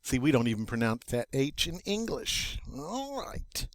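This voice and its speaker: An older man, teaching French vocabulary in a slow, patient, folksy way, drawing out each word. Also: medium pitch, sing-song, dry recording, clean studio sound. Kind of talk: recorded vocabulary lesson.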